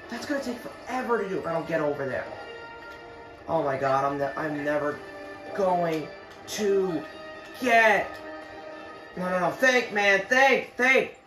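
A man's voice: sits high, expressive, measured pace. A man giving let's play gameplay commentary, frustrated, swearing and muttering to himself while playing. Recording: roomy echo with game music. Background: game music.

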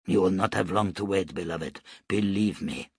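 A man voicing a calm, decisive royal leader in an audiobook reading, terse and commanding. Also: low-pitched, moderate pace, slightly rough, no room sound, clean studio sound.

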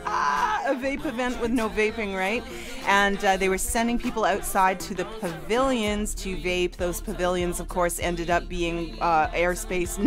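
A woman from Canada co-hosting a casual live stream, teasing her partner and moving the show along. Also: mid-range voice. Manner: teasing, laughs easily, steers the show along. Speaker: co-host.

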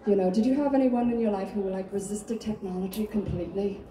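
A woman's voice: medium pitch, fairly quick, hardly any pauses, recorded from a distance. A woman improvising live comedy on stage, chatting with the audience in a self-mocking way and laughing often. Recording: echoey live venue, voice from afar, loud music.

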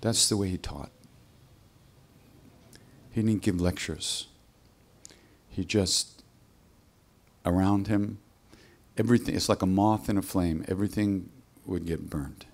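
A man telling a spiritual story at a live workshop in a relaxed, conversational way, acting out the voices of the people in it. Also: low voice, slow pace, pauses often.

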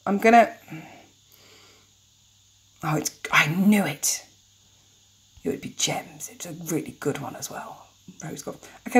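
A woman's voice: medium pitch, vocal fry. A woman narrating and commenting casually on a story game, chatty and joking as she goes. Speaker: let's play narrator.

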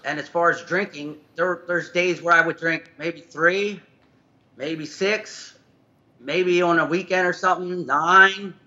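A man's voice: on the high side, steady tone, measured pace, bright, forceful tone. Man on a dull video-call line. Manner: hesitant, rambling answers. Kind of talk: defensive interview answers. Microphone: conference call line.

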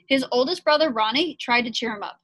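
Woman teacher, slightly high voice, friendly expressive read-aloud for kids. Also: a little fast, dry recording. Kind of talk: reading a picture book aloud.

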